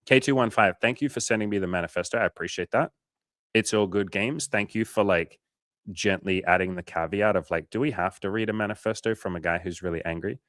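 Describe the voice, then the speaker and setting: A man's voice: lowish voice, a little fast, a bit bright, no room sound, clean studio sound. A man coaching on a casual livestream, swearing freely and acting out his clients' voices as he answers questions from the chat.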